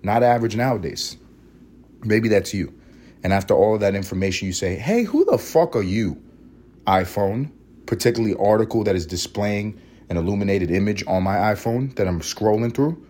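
A congested young man rants on his own podcast, sarcastic and swearing freely. His voice sits low and sounds husky and rough from a cold, with an occasional sniffle. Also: fairly quick, darkish tone. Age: young adult. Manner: profane, sarcastic, ranting. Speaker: podcast host. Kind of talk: casual solo podcast rant.

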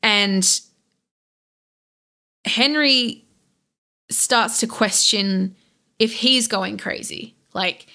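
A young woman guest on a podcast, casually retelling a game story in a rambling, animated way with lots of fillers and restarts. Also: medium pitch, drawn-out words, pauses often. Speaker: podcast guest, content creator.

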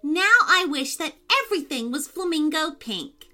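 A woman voicing an excitable young girl in a bedtime storybook, squealing and gushing. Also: very high voice, a little slow, faint music behind, pitched above the performer's own voice, exaggerated voice. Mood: excited. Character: excitable young girl, eager and wish-happy.

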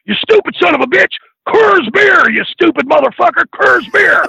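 A man impersonating a gruff veteran male wrestler who berates and curses at a rookie. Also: high voice, sing-song, a little fast, no echo, lo-fi sound, voice pushed up, full character voice. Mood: berating. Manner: yelling, profane and scornful.

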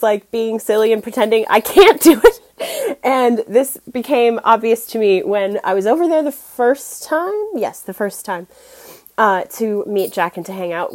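A woman's voice: fairly high pitch, a little mellow. Giggly, rambling young American woman. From United States. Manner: giggly, self-deprecating, rambling with fillers. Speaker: guest podcast host. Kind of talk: casual storytelling monologue.

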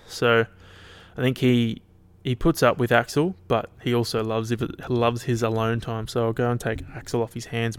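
Tired aussie guy rambling on his podcast, swears heaps, mid pitch, dry sound. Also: clear, resonant tone, no echo. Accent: Australian. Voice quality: laid-back, rambling, swears freely. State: tired, yawning. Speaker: podcast host. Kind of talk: casual solo podcast chat.

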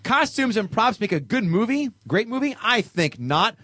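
A man's voice: high voice, big pitch swings, normal speed, sharp tone, dry recording. A man co-hosting a comedy film podcast, reading reviews aloud with mock dramatic emphasis.

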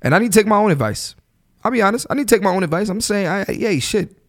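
A man in his thirties hosting a solo podcast, ranting bluntly in casual slangy talk and swearing freely, his voice jumping higher when he gets fired up. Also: fast talker. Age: 30s. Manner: animated, voice jumps up high when fired up. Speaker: podcast host.

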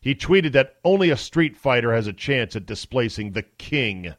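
A man hosts a podcast of casual sports and news talk, his medium-pitched voice sing-song at a moderate pace with no echo. He's chatty and wry, dropping in mock-amazed asides.

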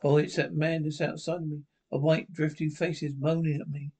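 A man's voice: on the high side, flat delivery, normal speed, a little mellow, slightly rough. A man playing a haunted, tormented lecturer who narrates his own descent into madness, in a 1930s radio drama. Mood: anguished. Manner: anguished, breathless, theatrical. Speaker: narrating protagonist.

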